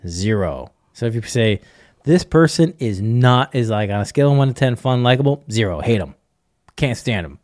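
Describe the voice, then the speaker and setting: A middle-aged man talking in a casual podcast conversation, coaching in an animated way, acting out bits of dialogue and chuckling often. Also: mid-range voice, moderate pace, no echo, studio quality.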